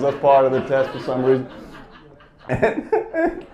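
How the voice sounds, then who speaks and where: A man's voice: mid-range voice, wildly swooping pitch, slow pace, dull audio. A man doing stand-up comedy, telling a story as a profane, exasperated rant.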